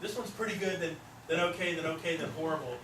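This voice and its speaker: Man, middle-aged, real estate trainer, lively storytelling seminar talk, voices the people he quotes, roomy echo, noisy. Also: a little high, fast talker. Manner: animated, acts out quoted voices. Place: seminar room. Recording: echoey room, mic far off, noisy.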